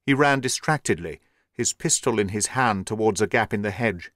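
A man giving a measured, steady narration of an audiobook. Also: fairly low pitch, no echo, studio quality.

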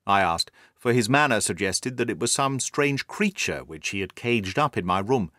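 A man narrating a period story in a measured, formal storytelling manner. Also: on the low side, expressive, bright, forceful tone, no echo, studio quality. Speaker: audiobook narrator.

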